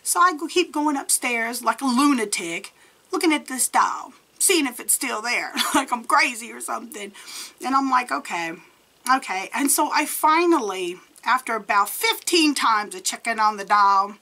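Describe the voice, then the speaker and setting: Woman, 40s, storytime vlogger; lively, acts out the dialogue, tense bright tone. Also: fairly high pitch, normal speed. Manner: animated, acts out quoted dialogue, laughs often. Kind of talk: casual paranormal storytime.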